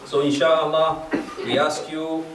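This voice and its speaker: A man's voice: fairly high pitch, level tone, takes it slowly, a bit bright, a little hiss or hum. Man giving a lecture in an echoey hall. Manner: explains verses step by step, repeating key phrases. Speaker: speaker at a majlis. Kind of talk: religious lecture. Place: mosque or community hall. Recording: echoey hall, mic at a distance.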